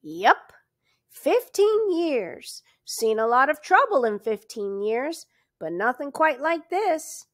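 Woman reading as a gabby backcountry lawman, loud, folksy and suspicious, slow-talking with a lively, swooping voice. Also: sits high, no room sound, studio quality, pitched above the performer's own voice, full character voice. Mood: folksy grumbling. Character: chatty grumbling rural male constable, middle-aged.

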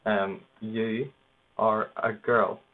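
A man casually narrating his own language practice, halting over foreign words and laughing at himself. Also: on the low side, little pitch movement. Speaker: language learner. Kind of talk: casual self-narrated study session. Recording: tinny phone-like noisy recording.

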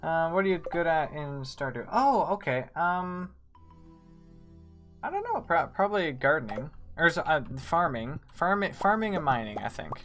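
Faint game music plays as a woman provides live commentary on her game, talking with viewers and replying to the chat. Her chatter is punctuated by brief, excitable squeals.

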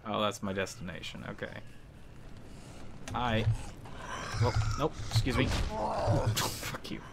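A man's voice: medium pitch, creaky, background noise. A man casually commenting on gameplay with irreverent jokes and swearing, as the host of a let's play series. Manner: joking, irreverent, often swears.

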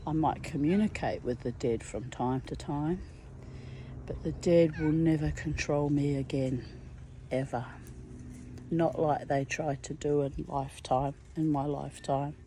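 A woman with a New Zealand accent, telling a story in a slow, intense casual monologue with dark humor. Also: low voice, breathy edge, low-quality recording.

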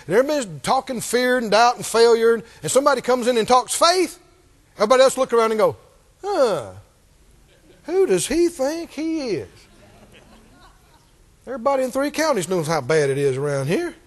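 A man preaching a sermon as pastor, calling out to the congregation and acting out the voices of Bible characters. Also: very high voice. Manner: animated, calls out to the congregation, acts out Bible voices.

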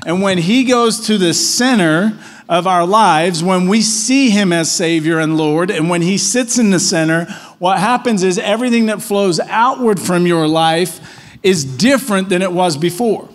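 A man's voice: high-pitched, unhurried. A man preaching a conversational sermon as pastor in church, telling stories casually and often tagging on questions. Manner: casual storytelling, frequent tag questions.

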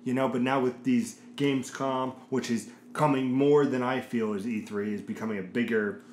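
A man's voice: medium pitch, steady tone, normal speed, a little mellow. A man co-hosting a casual gaming chat, rambling and searching for words as he talks. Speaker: podcast co-host. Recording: echoey room, faint noise.

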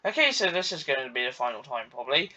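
A man's voice: mid-range voice, big pitch swings, fast talker, sharp tone, recorded from a distance, rough recording. A man hosting a let's play, rambling and stumbling over words while he races, with a cough. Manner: rambling, stammers and repeats. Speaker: gaming channel host.

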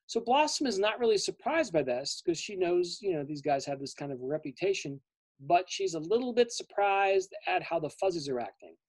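A man's voice: high voice, moderate pace, dry recording. Dry-sounding man telling a story to kids. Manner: lively, explains terms simply for children. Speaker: children's author and illustrator. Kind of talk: storytelling to families. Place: library event.

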